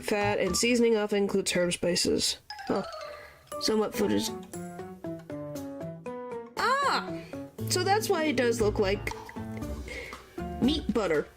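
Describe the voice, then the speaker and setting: A woman's voice: mid-range voice, lively intonation, unhurried, long pauses, music in the background. A woman chatting casually with her chat while streaming a game, often exclaiming in surprise.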